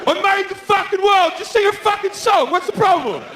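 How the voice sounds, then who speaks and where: A man's voice: high-pitched, expressive, unhurried, noisy background. A man playing a petty, ranting God. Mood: exasperated. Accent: Australian. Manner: shouting, whiny, indignant. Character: petty bigoted male God, needy and short-tempered.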